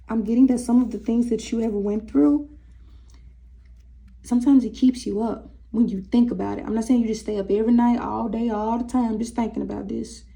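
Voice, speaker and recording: Gravelly-voiced woman reading tarot cards. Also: on the high side, warm tone. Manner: chatty, breaks into singing, talks to cat. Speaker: tarot reader. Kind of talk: casual tarot reading to viewers.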